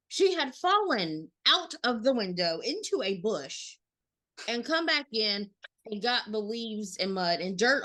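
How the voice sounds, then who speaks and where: A woman's voice: medium pitch, bright, forceful tone. A woman in her thirties co-hosting a podcast, telling a story animatedly, acting out the quotes and swearing freely. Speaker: podcast co-host. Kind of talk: casual storytelling chat.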